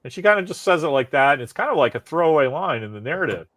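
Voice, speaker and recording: A man co-hosting a podcast in casual chat, ranting in an animated way, swearing freely and laughing often. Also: a little high, racing, no echo. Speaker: podcast co-host.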